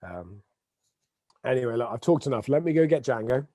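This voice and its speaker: A man talks off the cuff on his weekly live stream, drifting from thought to thought with lots of ums and false starts. His voice is warm and relaxed in a dry, close-sounding space with no room echo. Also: medium pitch, brisk. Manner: rambling, with frequent filler ums and restarts. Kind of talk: unscripted casual monologue. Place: at home.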